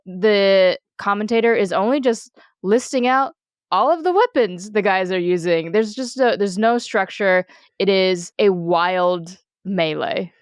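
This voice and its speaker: A woman's voice: mid-range voice, unhurried, smooth, dry recording, clean studio sound. A young woman co-hosting a podcast, answering bluntly in laid-back casual chat. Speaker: podcast co-host.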